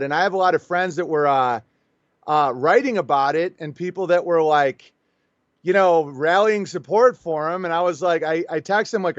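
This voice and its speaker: In a dry, dull-sounding recording, a man with a voice on the high side chats as a show guest in a casual interview. He recounts a story with animation, voicing both people in the quoted back-and-forth.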